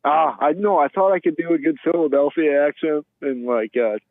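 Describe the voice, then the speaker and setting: A man calling into a talk show, halting and laughing as he talks. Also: on the high side, no room sound. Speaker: caller. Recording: tinny phone line.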